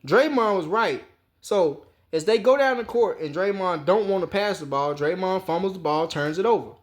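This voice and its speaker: A man's voice: sits high, lively intonation, moderate pace. A man giving an emphatic, profane sports rant, repeating his points as he tells the story. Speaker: sports commentator.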